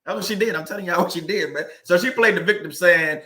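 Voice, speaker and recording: A man hosting a casual livestream, telling a personal story and reading viewer comments, animated and laughing often, repeating words for emphasis. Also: high-pitched, fast talker, few pauses.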